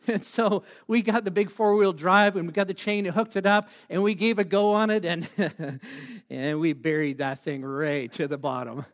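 High-voiced, joking storytelling preacher. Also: male voice, steady tone. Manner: self-deprecating, joking, halting with fillers. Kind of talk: humorous storytelling sermon.

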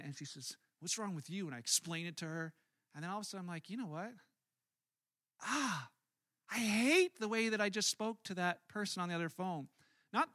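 A male pastor delivers a casual, story-driven sermon with a high, very bright and forceful voice. He stays conversational but jumps into loud, animated reenactments of his own frustration. The sound is dry and close, with no room echo.

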